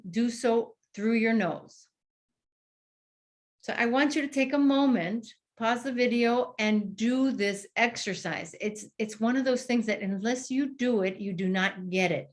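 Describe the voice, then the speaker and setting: A woman clinician giving an instructional demonstration to therapists, explaining step by step and modeling the exercise aloud with pauses. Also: a little high.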